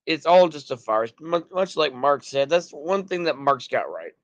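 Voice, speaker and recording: A Texan man from the United States rambles through a livestream, reacting to chat and sounding a bit drunk, with loose restarts and sentences that trail off. His voice is a little high and sing-song at a moderate pace. The audio is dull, with no room sound.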